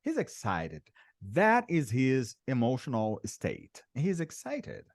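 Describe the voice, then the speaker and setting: A Brazilian man teaching an online English lesson, patient and slow, repeating words for his students. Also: mid-range voice, huge pitch swings, no room sound, clean studio sound. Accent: Brazilian Portuguese. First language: Portuguese.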